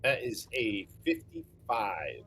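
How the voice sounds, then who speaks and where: A man playing a tabletop game, talking with the other players in a measured way. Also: on the low side, lively intonation, fairly bright tone, slight background noise. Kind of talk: casual chat at a tabletop game.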